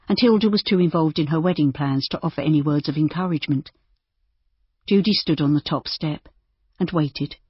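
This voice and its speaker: A woman audiobook narrator reading scripted narration in a steady, even storytelling manner. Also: low voice, breathy edge, no room sound, highs cut off.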